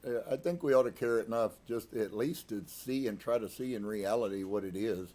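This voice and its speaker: A man's voice: on the low side, a little fast. A man leading a live-streamed Sabbath service, preaching in a conversational way with many restarts and sudden shifts in emphasis. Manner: conversational, with frequent restarts and emphatic swings in loudness. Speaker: congregation leader. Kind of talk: casual live-streamed sermon.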